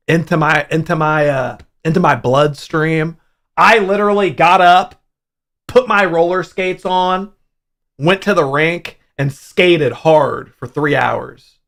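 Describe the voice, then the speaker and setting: A young man hosting a casual livestream, telling a profane, animated story about his hangover. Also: fairly high pitch. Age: young adult. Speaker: livestream host.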